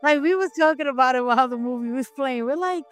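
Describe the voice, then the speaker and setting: A woman's voice: high voice, fast. Slangy woman chatting with faint music behind. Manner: slangy, questioning, laughs often. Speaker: co-host reviewing a film. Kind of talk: casual chat.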